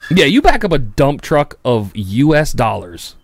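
A man's voice: sing-song, measured pace, no echo. Male podcast host, casual chat, profane jokes, dry close sound. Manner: profane, joking, laughs loudly and jumps high in pitch.

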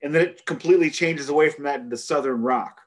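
A man from the United States co-hosting a music podcast, talking in an animated, emphatic and joking way. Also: a little high, quick pace. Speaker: podcast co-host. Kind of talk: casual podcast chat.

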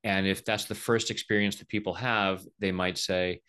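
Middle-aged guy walking through a tapping routine, lowish voice, playful, keeps putting on voices. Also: moderate pace, hardly any pauses, smooth. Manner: animated, playful, acts out quoted voices. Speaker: EFT tapping practitioner, guest. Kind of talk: explaining and demonstrating tapping.

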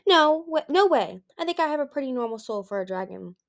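A woman voicing an eager, bold young dragon princess who speaks quickly and brightly. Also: high-pitched, animated, creaky, voice pushed up.

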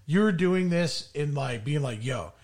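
At normal speed and medium pitch, a man co-hosting a podcast chats casually and tells stories. He swears a lot, and his storytelling is lively.

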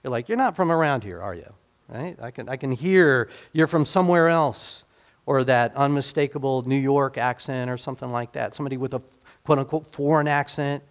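A man's voice: medium pitch, normal speed. A man preaching a casual, conversational sermon, asking his listeners questions and acting out the people in the passage. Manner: casual, talks to the congregation directly with rhetorical questions; acts out quoted speakers in dialogue.

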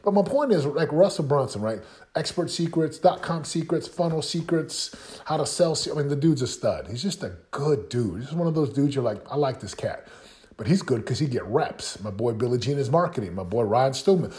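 A man's voice: medium pitch, expressive, brisk, a little mellow. A man hosting a podcast, giving a motivational talk in short, punchy phrases full of rhetorical questions. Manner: punchy, repetitive coaching delivery with rhetorical questions. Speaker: podcast host.

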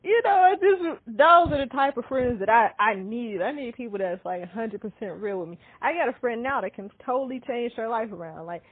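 A woman in her thirties, co-hosting a casual chat and telling candid, animated stories with frequent laughter. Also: fairly high pitch, brisk, few pauses, slightly rough, no room sound. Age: 30s. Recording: dry, tinny phone-like sound.

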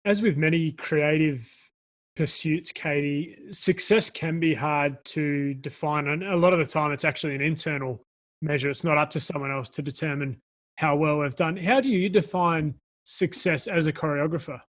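A man asks his guest a question in an interview. His voice sits a little high for a man, and he speaks in a calm, reflective way. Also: moderate pace.

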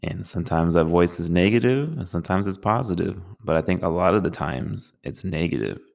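A man giving a calm, measured talk on meditation, speaking in a slow and soothing way. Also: sits low, creaky. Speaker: meditation teacher.

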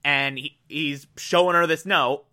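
Eager to share an anime's plot, a man rambles through it with plenty of fillers and restarts. His slightly high, bright, sharp voice moves a little slowly with fairly even intonation.

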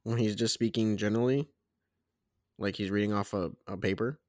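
A man's voice: lowish voice, steady tone, brisk, a little mellow, dry recording, clean studio sound. A young man co-hosting a casual podcast chat, amused and teasing, laughing often. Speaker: podcast co-host.

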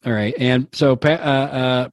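A man narrating as game master in a comedic tabletop session, giggly and rambling with lots of fillers. He talks slowly, and the recording is dry and close. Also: medium pitch, steady tone, dry recording.

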